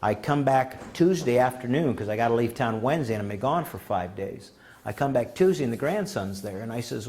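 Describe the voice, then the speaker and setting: Male conference speaker, folksy storyteller who acts out the quotes, medium pitch. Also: brisk. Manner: folksy, animated anecdotes with acted-out quotes. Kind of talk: storytelling talk. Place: conference room.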